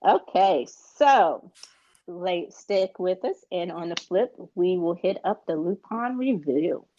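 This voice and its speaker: A woman's voice: fairly low pitch, expressive, takes it slowly, dark tone, slight background noise. An American woman co-hosting a podcast in a casual, rambling chat, with many fillers. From United States. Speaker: podcast co-host. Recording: dull, dry lo-fi sound.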